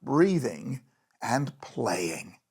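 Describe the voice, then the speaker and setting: A storyteller reading a bedtime storybook and voicing the Lamb King, a playful, wise male figure who chuckles, in a gravelly, breathy voice. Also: mid-range voice, sing-song, extremely slow, darkish tone, voice pushed down, exaggerated voice.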